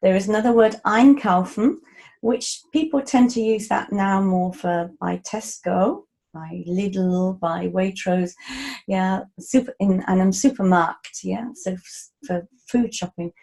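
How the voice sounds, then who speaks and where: A woman teaches German in a relaxed, patient way, pausing for casual asides. She speaks slowly, and her voice is mellow and warm. She comes across as an unhurried tutor. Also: mid-range voice, vocal fry, poor audio. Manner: slow, patient explanations with casual asides and fillers. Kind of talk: relaxed spoken language lesson.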